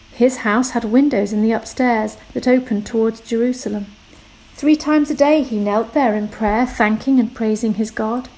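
A woman reading a Bible passage aloud in church, clear and expressive. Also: on the high side, poor audio. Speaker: scripture reader.

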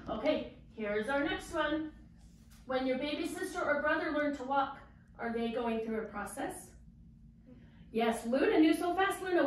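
A woman kindergarten teacher giving a vocabulary lesson, asking slow, patient questions and prompting children to repeat words. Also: sits high. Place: classroom. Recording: very echoey classroom from a distance, faint noise.

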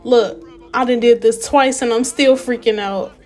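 A woman's voice: fairly high pitch, measured pace, faint music behind. Chatty young woman narrating gameplay. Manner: chatty, animated, talks to viewers as y'all. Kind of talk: casual let's-play commentary.

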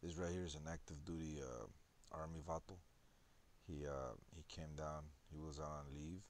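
A man's voice: a bass voice, fairly even intonation, normal speed, slight background noise. A young man who works as a tattoo artist, talking in a rambling, laid-back way with slang. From El Paso, Texas. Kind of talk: casual narration over photos.

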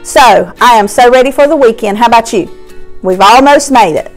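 A woman teaching young children a phonics lesson, cheerful and sounding out words slowly. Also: fairly high pitch, soft background music, low-quality recording.

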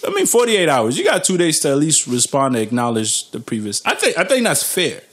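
A man's voice: a little high, huge pitch swings, brisk, slightly rough. A young man hosting a podcast in casual chat, laid-back and slangy, often restarting his sentences. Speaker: podcast host.

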